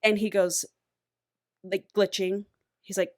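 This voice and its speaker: A woman with a lowish voice retells a novel in an animated, casual podcast style. She swears freely as she goes. The sound is dry and close, with no room echo. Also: moderate pace. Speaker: podcast co-host. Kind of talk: casual book recap.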